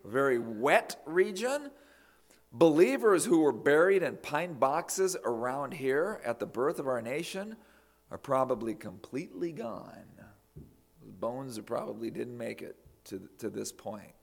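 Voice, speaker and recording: A man's voice: medium pitch, creaky. A man preaching a sermon in a conversational way, with folksy asides and emphatic peaks. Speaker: pastor.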